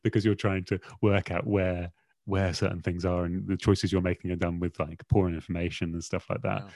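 A man's voice: sits low, flat delivery, moderate pace, darkish tone, no room sound, clean studio sound. A man, a magazine editor, talking casually on a podcast in a rambling, self-deprecating way with lots of fillers.

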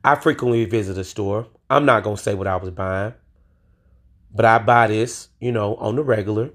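A man's voice: lowish voice, normal speed, a bit bright. A man from the United States ranting on his own podcast, emphatic and profane, using street slang and talking straight to his listeners. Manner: emphatic and profane, swears freely. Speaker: podcast host. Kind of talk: solo podcast rant.

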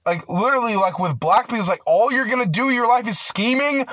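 A young man in a casual ranting monologue, rambling with constant filler words and swearing, growing loud and heated at times. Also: extremely high pitch, fast talker, no echo. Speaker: vlogger.

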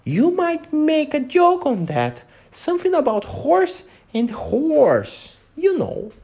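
A man voicing a tiny, sad male gnat that keeps nudging for jokes, in a very high, small voice. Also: huge pitch swings, slow, creaky, darkish tone, heavily acted. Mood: teasing.

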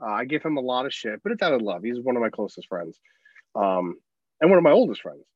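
A man's voice: mid-range voice, very animated, fast talker, no room sound, lo-fi sound. A man co-hosting a casual movie podcast, ranting bluntly and swearing. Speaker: podcast co-host.

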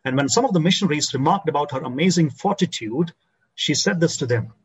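Husky-voiced man preaching a slow sermon. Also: expressive, muffled recording. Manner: slows and drops low to stress key phrases. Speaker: pastor.

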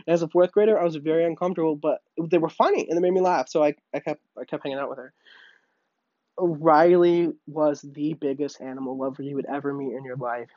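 A man's voice: a little high, darkish tone, no room sound, highs cut off. Chatty man telling a storytime. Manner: chatty, laughing, lots of "like" and "literally". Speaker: vlogger telling a childhood story. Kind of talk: casual storytime.

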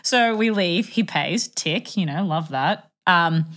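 A woman's voice: lowish voice, takes it slowly. Young woman telling a story. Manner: animated, self-mocking, acts out quotes. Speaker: guest telling a dating story. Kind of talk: casual storytelling chat.

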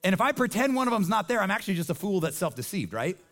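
A pastor with a fairly high voice delivers a sermon in a loose, talky style. He is animated and often backs up to restart a phrase. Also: racing. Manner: animated, conversational, lots of restarts.

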